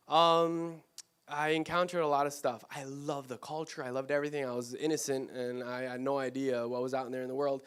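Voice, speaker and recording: A man's voice: sits high, a bit bright. A man from Mexico giving an informal, conversational church talk, full of rhetorical questions and self-corrections. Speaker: church speaker. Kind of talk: conversational sermon.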